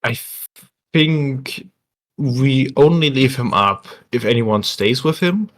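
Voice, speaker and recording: A male player speaks hesitantly, stumbling and restarting as he explains what his character does. His voice has a middle pitch. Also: slow pace. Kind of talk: tabletop game play.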